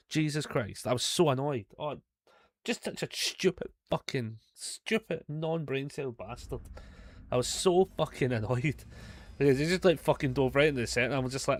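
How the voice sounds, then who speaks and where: A man's voice: mid-range voice, no room sound, studio quality. A man with a Scottish accent chatting casually through a live gameplay stream, swearing often and joking at his own mistakes. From Scotland. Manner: chatty, swears a lot, quick to self-mockery. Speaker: gaming streamer.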